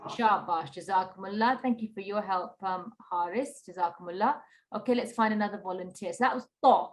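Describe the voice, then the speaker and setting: A woman teaching a Qur'an recitation class over a video call, patient and encouraging, slowly modelling sounds for students to repeat. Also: mid-range voice.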